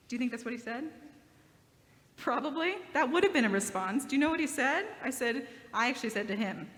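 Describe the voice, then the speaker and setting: A woman's voice: high voice, big pitch swings, fairly quick, a bit bright. A woman leading a children's sermon in a church, reading scripture and asking the children questions on a handheld microphone. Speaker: children's time leader. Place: church sanctuary. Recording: echoey hall.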